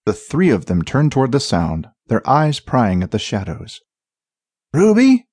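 A man narrating a fantasy audiobook in a dramatic, expressive reading. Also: fairly low pitch, normal speed, slightly rough, dry recording, studio quality.

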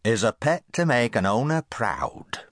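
A man performs a stern elderly great-aunt for a children's audiobook, exaggerating the voice and pitching it above his own. His delivery is medium in pitch, sing-song, unhurried and a bit bright, clipped and disapproving, in a dry, studio-quality recording.

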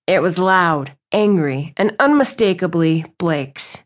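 Woman reading a romance audiobook, smooth even storytelling. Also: medium pitch, moderate pace. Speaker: audiobook narrator. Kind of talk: scripted narration.

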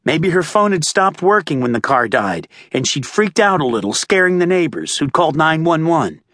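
A male audiobook narrator reading a thriller in a tense, measured way, close to the mic. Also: on the high side, big pitch swings, a bit bright, dry recording. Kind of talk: scripted narration. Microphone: close studio mic. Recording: dry close-miked studio.

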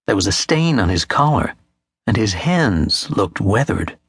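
A man reading a literary novel aloud as an audiobook narrator, in a measured, steady manner on a close studio mic. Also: lowish voice, breathy edge, no room sound.

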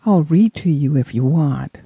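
A man voicing a bossy older sister, a young girl, with a sharp, dismissive way of talking. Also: on the high side, measured pace, vocal fry, slightly rough, no room sound, narrow, tinny audio, exaggerated voice. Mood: softened. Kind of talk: audiobook character voice.

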